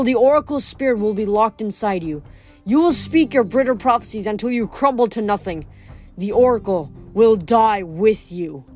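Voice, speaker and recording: A woman's voice: medium pitch, a little mellow, natural voice. A woman voicing a grieving, wrathful male god of the dead in a storybook reading, growling and bitter, with faint music behind.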